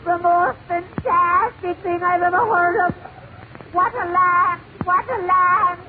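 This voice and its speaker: A newly arrived immigrant, squeaks out his wonder in a high, stretched, tearful brogue. His voice leaps way above normal and drags out every word. It comes through a thin, phone-like 1940s broadcast with a faint hiss. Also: fairly even intonation. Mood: awestruck. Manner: high, drawn-out, near-weeping wonder. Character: wide-eyed Irish immigrant man, newly arrived, easily amazed.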